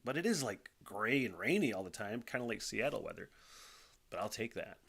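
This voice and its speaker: A man's voice: fairly low pitch, big pitch swings, brisk, creaky, fairly bright tone, husky. A man hosting his own podcast from a home studio, rambling casually and swearing freely, often sighing and laughing between thoughts. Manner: rambling, profane, frequent sighs and laughs. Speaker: podcast host.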